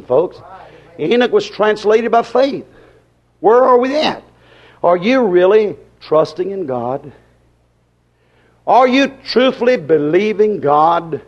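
Preacher guy, high voice, folksy and dramatic, goes loud then soft, dull old tape sound. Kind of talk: sermon. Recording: dull lo-fi sermon recording.

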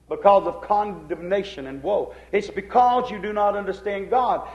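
Fervent high-voiced male preacher, echoey recording. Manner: fervent, swings between soft and emphatic. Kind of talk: sermon. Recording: echoey dull old recording.

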